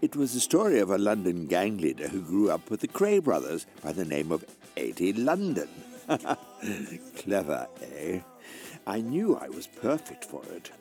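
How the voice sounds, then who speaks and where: A Scottish man narrating a scripted comedy in a deadpan, self-important way. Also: sits low, measured pace, faint music behind. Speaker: actor narrating his own story. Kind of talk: scripted comedy monologue and dialogue.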